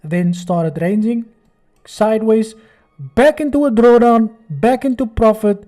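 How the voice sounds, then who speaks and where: Mellow-voiced man, sarcastic commentary. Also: high voice, a little slow. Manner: sarcastic, mocking, acts out voices of others. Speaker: trading video host. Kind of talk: screen-recorded commentary.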